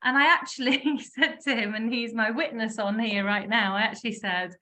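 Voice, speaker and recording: A woman in her fifties telling her own health story in a casual, animated way, laughing often and acting out what she once said. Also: a little high, normal speed, few pauses. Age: 50s. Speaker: wellness speaker sharing her story. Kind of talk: casual testimonial talk.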